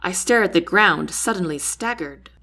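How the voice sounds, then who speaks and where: Lively woman reading a novel aloud. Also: moderate pace. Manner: lively, shifts pitch and loudness for each character. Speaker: audiobook reader. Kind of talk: first-person novel narration with character voices.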